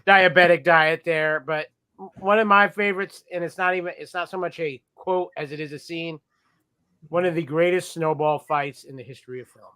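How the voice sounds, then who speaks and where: Bright-voiced man with wry asides. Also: a little high, normal speed, smooth, no echo. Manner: wry, joking, deadpan asides. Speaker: podcast guest. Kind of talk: casual group chat.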